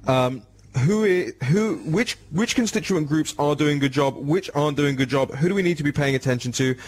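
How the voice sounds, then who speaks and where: A man's voice: fairly high pitch, a little fast, darkish tone. A man with an English accent hosting a talk radio show, speaking emphatically and addressing listeners directly.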